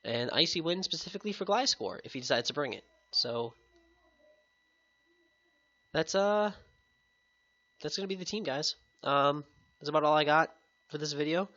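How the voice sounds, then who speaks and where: A man talking through a competitive game match in a casual, chatty way, his voice bright and a little sick-sounding. It comes through a headset mic with a dull, lo-fi sound. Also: fairly high pitch, animated, moderate pace, pauses often. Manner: casual, upbeat, chatty with viewers. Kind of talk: casual gameplay commentary.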